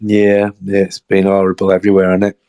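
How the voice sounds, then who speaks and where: A man's voice: deep voice, completely flat delivery, fairly quick, warm tone. A man chatting casually as a podcast co-host, hesitant, with many restarts. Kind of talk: casual chat.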